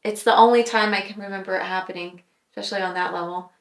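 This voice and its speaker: Woman telling her story on a podcast, earnest and reflective, mid pitch, roomy echo. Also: fairly even intonation. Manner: earnest, reflective, speaks with pauses and fillers. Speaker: podcast guest. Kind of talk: personal testimony in casual chat.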